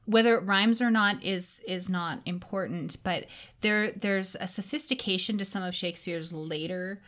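A woman's voice: mid-range voice, moderate pace, a bit bright. A woman co-hosting a podcast, talking in a thoughtful, chatty way with frequent likes and ums. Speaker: podcast co-host. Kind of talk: casual literary discussion.

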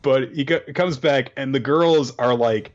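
A man's voice: mid-range voice, unhurried. A man hosting a casual chat in which he recaps a story, talking chattily and animatedly and laughing often, on a dull lo-fi recording. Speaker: podcast host.

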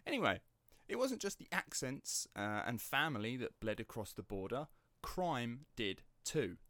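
A man's voice: mid-range voice, unhurried, dry recording. A man with an Estuary English accent, chatting casually and telling stories animatedly, with some swearing. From England. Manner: animated storyteller, swears freely. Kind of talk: casual chat.

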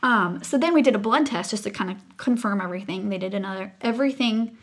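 A woman's voice: mid-range voice, fast, fairly bright tone. A woman in her thirties, co-hosting a casual chat, telling a personal story in an earnest, emotional way. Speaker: co-host sharing a personal story.

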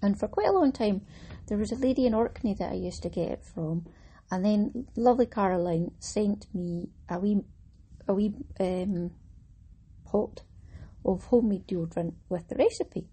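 A woman's voice: mid-range voice, normal speed, dark tone, breathy edge. A woman hosting a casual craft podcast, chatting in a rambling, self-mocking way with fillers. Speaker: podcast host. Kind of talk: casual chat.

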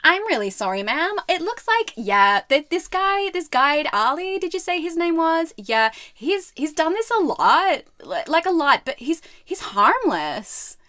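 A woman's voice: very high voice, big pitch swings, unhurried, few pauses, sharp tone, pitched above the performer's own voice, full character voice. A woman voicing a cheery, unsympathetic female call-centre agent in a put-on Texan drawl that slides toward Valley Girl. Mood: breezy. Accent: Texan drawl edging into Valley Girl. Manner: chirpy scripted customer-service politeness. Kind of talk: comic impression in storytelling.

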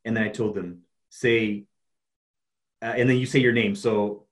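A man's voice: on the low side, steady tone. A man who works as a life coach, talking earnestly in a casual conversation, often restarting his sentences. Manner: earnest, halting, many restarts.

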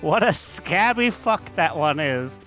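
A man's voice: on the high side, lively intonation, slow, a bit bright, soft background music. A man putting on a Cockney accent to voice a chatty, folksy woman fan who is prim and gossipy, in a sing-song manner that turns crude. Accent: Cockney, put on.

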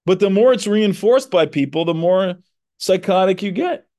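A man with a fairly high speaking voice gives a reflective podcast monologue. He talks earnestly as a psychotherapist, explaining patiently and stressing key words. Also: lively intonation, normal speed, warm tone.

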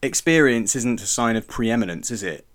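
A man's voice: medium pitch, lively intonation, normal speed, a bit bright. A man co-hosting a podcast, talking in a rambling way, correcting himself and chuckling often. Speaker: podcast co-host. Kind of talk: casual chat.

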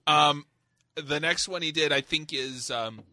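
A man's voice: on the high side, measured pace, pushed and bright, no echo. A man co-hosting a casual movie podcast, talking in stammering restarts and laughing. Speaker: podcast co-host, judge of the game. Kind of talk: casual movie review chat.

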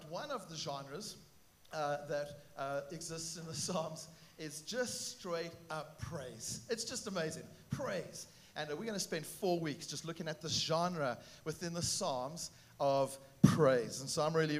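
A man preaching a sermon at a church gathering, upbeat and animated, with frequent "uh" fillers. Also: on the high side. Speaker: pastor.

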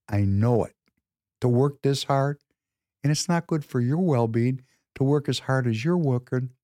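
A man hosting a podcast in an impassioned, preachy monologue. His pitch swings widely and his voice sits mellow and dark. The sound is dry and close, and he hammers points home by repeating them. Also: no room sound. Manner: emphatic, repeats phrases for effect; preachy, exhorting listeners. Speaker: podcast host.

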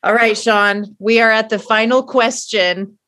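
A woman's voice: a little high, fairly even intonation, a little slow, slight background noise. A woman hosting an interview, who asks questions in a casual way and keeps affirming her guest with short yeses. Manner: warmly affirming, gives frequent short yeses. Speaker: interview host.

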